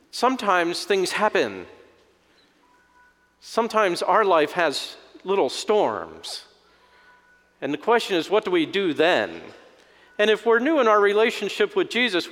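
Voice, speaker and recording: A man's voice: fairly high pitch, fairly bright tone. A man preaching a conversational sermon as a pastor, folksy and humorous, acting out voices in his story. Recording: long hall reverb.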